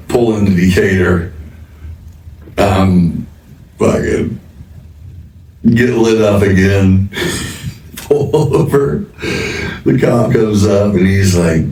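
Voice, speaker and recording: A man's voice: deep voice, darkish tone, reverberant, distant mic. A male podcast host telling a rambling anecdote in casual chat. He swears freely and laughs as he goes.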